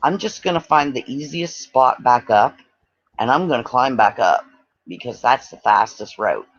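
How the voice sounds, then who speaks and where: A man's voice: medium pitch, normal speed. A man from Canada telling a long personal story in casual chat, acting out what others said. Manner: animated, acts out quoted voices. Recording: dull lo-fi audio.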